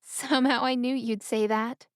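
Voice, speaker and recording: Brief: female narrator doing a high, shaky, crying young woman in a storybook audiobook, dry and smooth. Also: fairly even intonation, normal speed, dry recording, lightly acted. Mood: subdued. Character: young woman, homesick actress, tearful.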